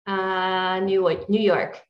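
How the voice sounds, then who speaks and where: A woman's voice: medium pitch, completely flat delivery, drawn-out words, reverberant, highs cut off. A woman co-hosting a casual book-club podcast, easygoing and agreeable, often laughing along. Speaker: podcast co-host.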